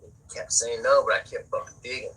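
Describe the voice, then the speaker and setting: A man's voice: mid-range voice, flat delivery, fairly quick, pushed and bright, slightly rough, poor audio. A man telling a personal story in an interview, casual and profane, often repeating words as he searches for them.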